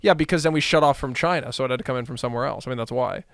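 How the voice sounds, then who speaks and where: A man's voice: medium pitch, very fast, fairly bright tone, no room sound. A man co-hosting a casual chat show, telling rambling stories and laughing at them. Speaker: podcast co-host.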